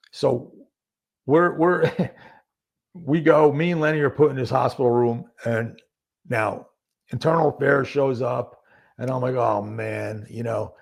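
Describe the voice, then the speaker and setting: A man talking as a podcast guest, telling his story in a casual, animated way and acting out what other people said. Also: medium pitch, creaky, breathy edge. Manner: casual speech with many fillers. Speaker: podcast guest, former narcotics detective. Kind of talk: conversational storytelling.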